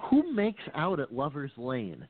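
A man's voice: a little high, huge pitch swings, unhurried, a little hiss or hum. A man joking wryly in a casual chat. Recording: phone-like audio.

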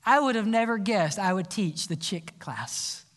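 An older man preaching an impassioned sermon in a church, swinging from loud appeals to hushed pleas. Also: high-pitched, animated, unhurried. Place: church sanctuary. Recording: long church hall reverb.

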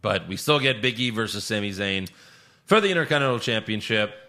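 A man co-hosting a casual chat podcast, recapping events in a loose, profane, animated way. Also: lowish voice, brisk. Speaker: podcast co-host recapping wrestling.

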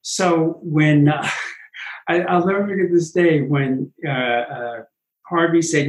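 A man, a Broadway producer, telling animated stories in an interview and acting out what others said. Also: fairly high pitch, slow, roomy sound, rough recording. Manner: animated anecdotes, acts out quotes. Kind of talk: interview storytelling.

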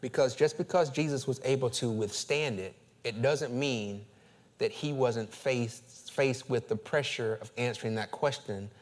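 Male pastor, sermon delivery, mid-pitched voice, big dynamic swells, repetitive build-ups. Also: a little slow. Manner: preaching with swells of loud, high, laughing emphasis; repeats phrases and restarts when fired up.

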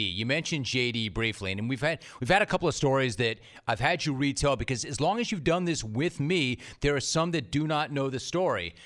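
A man hosting an interview podcast, with a lively, rising-and-falling voice. He talks emphatically and keeps repeating his guest's nickname. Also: mid-range voice. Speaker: podcast host. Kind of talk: interview questions.

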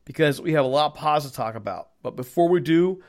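A man co-hosting a sports podcast, talking in an animated, casual way and laughing easily. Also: fairly high pitch, fast talker. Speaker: podcast co-host.

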